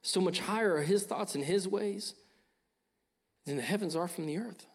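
A man's voice: high-pitched, moderate pace, husky. A young man preaching a sermon, earnest and urging, often repeating his phrases. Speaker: pastor.

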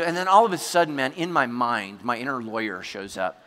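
Bright, animated man preaching. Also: high-pitched, brisk, big-room sound. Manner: animated storytelling, bursts into shouts. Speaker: pastor. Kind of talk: sermon.

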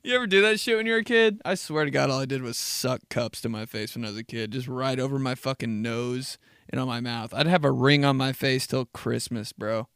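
A man's voice: medium pitch, a little fast, a bit bright, smooth, no room sound, studio quality. A young man hosting a podcast, telling rambling, profane, comedic stories and laughing at himself. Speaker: podcast host. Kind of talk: casual comedic storytelling.

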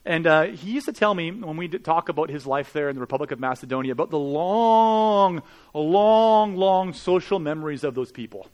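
A man's voice: on the high side, fast talker, hardly any pauses, highs cut off. A man preaching a sermon in an earnest, conversational way, with rhetorical questions to the congregation. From Canada. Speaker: pastor.

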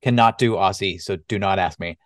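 A middle-aged man, a stage actor guesting on a podcast, talking thoughtfully in casual chat with hesitant pauses. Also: low-pitched, no echo. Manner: thoughtful, warm, with hesitant fillers.

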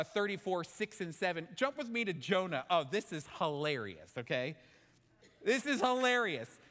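Animated man preaching a sermon. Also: high-pitched. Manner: animated, emphatic, asks the audience questions. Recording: long hall reverb.

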